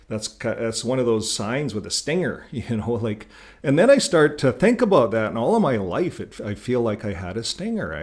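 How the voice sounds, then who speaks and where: An older man from Canada hosting his own channel, talking casually to camera in a rambling way, repeating words and chuckling. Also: on the low side. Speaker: YouTube channel host.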